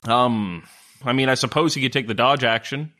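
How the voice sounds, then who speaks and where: Man, tabletop player, bright forceful voice, measured delivery. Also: medium pitch. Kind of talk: tabletop role-play.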